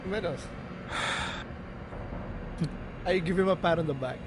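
A man playing a tabletop game, excitable, loud and playful. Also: on the high side, takes it slowly, background noise. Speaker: player.

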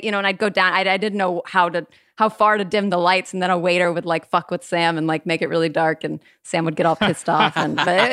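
A woman's voice: fairly low pitch, steady tone, fast, a bit bright, dry recording, clean studio sound. A woman in her thirties, a podcast guest, chatting casually and telling stories with lots of fillers. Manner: chatty storytelling, many fillers and restarts. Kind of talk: casual chat.

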